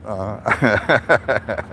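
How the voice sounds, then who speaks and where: A man's voice: on the low side, drawn-out words, pushed and bright, slight background noise. A man telling a long casual story, rambling and profane, chuckling between lines. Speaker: vlogger.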